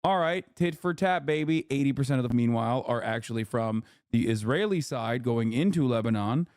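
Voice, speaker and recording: A man's voice: medium pitch, lively intonation, a little fast, darkish tone, dry recording, studio quality. A man live-streaming, reacting to a debate clip with sarcastic casual commentary and reading out chat. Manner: sarcastic, riffs with chat, slips into mock British voice.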